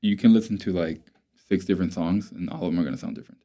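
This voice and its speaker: A man who is an opera singer, talking in a relaxed way with lots of fillers and slipping into Spanish now and then. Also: sits low, rapid-fire. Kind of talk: casual chat.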